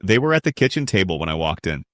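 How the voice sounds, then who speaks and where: A man's voice: sits low, big pitch swings, quick pace, fairly bright tone, no echo, studio quality. A young adult man narrating a first-person family story in a blunt, resentful tone.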